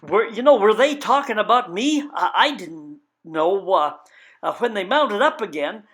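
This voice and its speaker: An older man from Canada telling a personal travel story in a folksy, wry way, halting often with "uh" fillers. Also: high voice, lively intonation, fairly bright tone. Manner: halting, many "uh" fillers, wry self-mocking humor.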